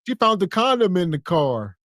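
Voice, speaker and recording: A man's voice: high-pitched, big pitch swings, normal speed, a bit bright. A man co-hosting a podcast, casually recounting what happens in a video clip. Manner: recounting, retelling quotes. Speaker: podcast co-host. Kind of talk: casual reaction commentary.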